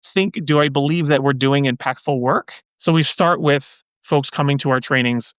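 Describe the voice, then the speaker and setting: A man's voice: medium pitch, normal speed, fairly bright tone, no room sound. Earnest man talking loosely. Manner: earnest, loose, many fillers and restarts. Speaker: guest. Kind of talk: casual podcast conversation.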